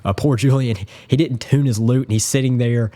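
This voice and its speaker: A man's voice: mid-range voice, fairly even intonation, fairly quick, warm tone. A man speaking casually and earnestly as a guitar YouTuber, rambling in admiration. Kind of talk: casual spoken tribute.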